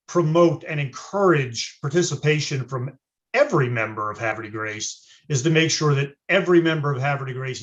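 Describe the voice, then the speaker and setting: A man running for city office, answering questions over a video call in a measured, hesitant way with frequent uhs. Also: medium pitch, dull audio. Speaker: city council candidate.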